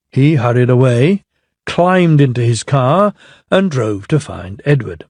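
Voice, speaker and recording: Unhurried older male storyteller. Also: mid-range voice, expressive, darkish tone, no room sound, clean studio sound. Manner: measured and unhurried. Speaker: narrator. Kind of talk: scripted storybook narration.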